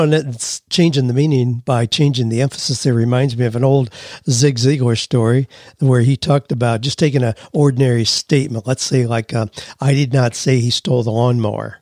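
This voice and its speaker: A man's voice: medium pitch, dark tone, dry recording, clean studio sound. A man hosting a career podcast, talking conversationally with frequent "you know" and "well", playing with how emphasis changes meaning. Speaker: podcast host. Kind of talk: casual podcast talk with emphasis play.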